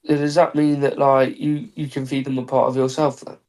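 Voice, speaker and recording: A man's voice: medium pitch, little pitch movement, fairly quick, a little mellow. A man guesting on a podcast, teasing his friend with casual banter, swearing, and mocking impressions.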